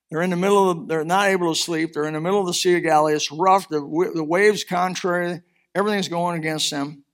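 A man's voice: a little high, fairly bright tone. A man preaching a sermon, swelling and dropping in force as he reads scripture and applies it. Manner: impassioned preaching, rising and falling in force. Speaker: pastor.

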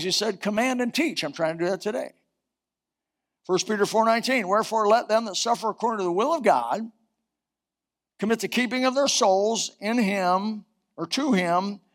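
High-voiced preacher, rising to shouts. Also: male voice. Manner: preaching with sudden rises and shouts, reciting scripture. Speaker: pastor. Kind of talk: sermon.

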